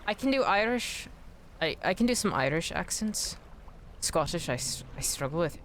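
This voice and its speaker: A man streaming a game, chatting casually in a rambling, self-deprecating way. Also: on the high side. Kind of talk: casual gameplay chat.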